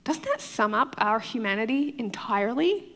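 A foreign-accented woman pastor gives a conversational sermon, chatty and quick to laugh, often checking in with those listening. Her fairly high voice is sing-song and fairly bright at normal speed, in a big-room sound.

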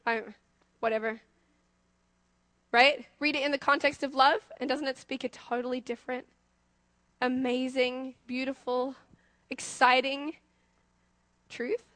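A young woman with an Australian accent preaching a sermon, asking her congregation lively questions as she goes. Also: high voice, unhurried, pauses often, no echo.

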